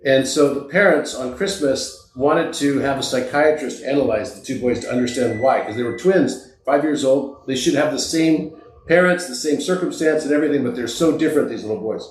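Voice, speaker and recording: A man's voice: mid-range voice, brisk, slight background noise. A man who is a podcast guest, telling motivational stories in an emphatic and earnest way. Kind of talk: motivational storytelling. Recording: echoey room.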